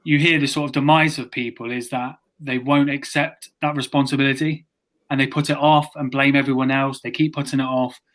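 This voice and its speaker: A man's voice: medium pitch, little pitch movement, brisk, fairly bright tone. A man hosting a podcast, chatting casually and encouraging his guest. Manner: encouraging, conversational. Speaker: podcast host. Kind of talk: casual chat.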